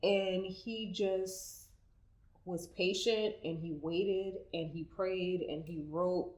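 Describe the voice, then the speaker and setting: A woman's voice: on the low side, fairly even intonation, slow, a little mellow. Female podcast guest co-host, heartfelt rambling storyteller, recorded in a roomy space. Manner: emotional storytelling, many "like" fillers. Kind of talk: casual podcast chat. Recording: echoey room.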